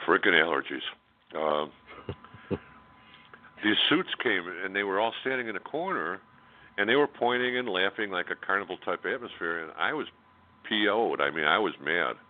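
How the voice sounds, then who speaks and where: A man's voice: low voice, animated, moderate pace, long pauses. A man telling a personal story as a radio interview guest, in a candid, blunt way with many fillers and restarts. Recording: tinny phone line.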